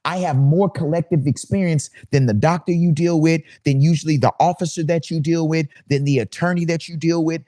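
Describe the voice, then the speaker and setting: A man's voice: a little high, fairly even intonation, fairly quick, few pauses, dark tone, no room sound, studio quality. A man who works as a DJ, talking casually to camera in a ranting monologue full of rhetorical questions.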